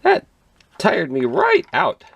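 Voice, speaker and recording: A man voicing Goldilocks as a fussy girl in a high, slow, complaining voice for a storybook skit. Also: wildly swooping pitch, vocal fry, slightly rough, dull audio, heavily acted.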